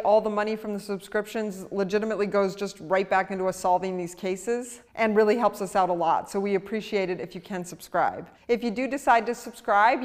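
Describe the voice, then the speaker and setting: A woman's voice: mid-range voice, long reverb tail. A woman hosting an investigative show, talking in a chatty, casual way. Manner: chatty, uses lots of "like". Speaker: host and investigator. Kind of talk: casual interview talk and promo read.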